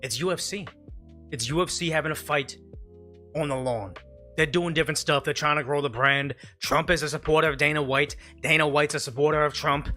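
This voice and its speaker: Male streamer, opinionated reaction commentary, a bit high and very forceful, restarts often. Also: fairly even intonation, brisk, faint music behind. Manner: emphatic, rambling, restarts mid-sentence. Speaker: live stream host.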